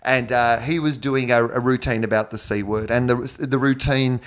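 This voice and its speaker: An Australian man in casual podcast chat, telling comic stories at a medium pitch. He talks animatedly and laughs often as he goes. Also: fairly even intonation, moderate pace. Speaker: guest comedian.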